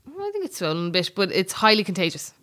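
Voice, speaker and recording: Animated Irish woman, teasing. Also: mid-range voice, fast talker. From Ireland. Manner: teasing, playful banter. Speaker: podcast co-host. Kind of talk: casual chat.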